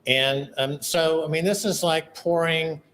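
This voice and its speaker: Older guy guest, jokey and loud, higher-ish voice, bit of hiss behind him. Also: a little slow. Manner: animated, jokey, loud bursts. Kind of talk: casual chat on a live stream.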